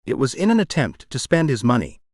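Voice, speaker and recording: A man's voice: medium pitch, wildly swooping pitch, fairly quick, no room sound, clean studio sound. A man voicing a guarded, grieving young male heir who speaks in terse, formal phrases in an audiobook. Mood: subdued. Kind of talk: audiobook character voice.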